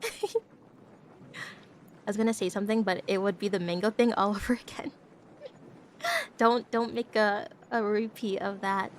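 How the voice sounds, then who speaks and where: A woman's voice: mid-range voice, slight background noise. Giggly young woman streamer, rambling. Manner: giggly, rambling, stumbles over words. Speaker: VTuber streamer. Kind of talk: casual live-stream chat.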